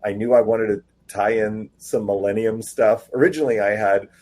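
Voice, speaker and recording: A man guest on a casual podcast interview, telling animated stories and acting out quoted dialogue. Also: on the low side, moderate pace. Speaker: comic book writer guest.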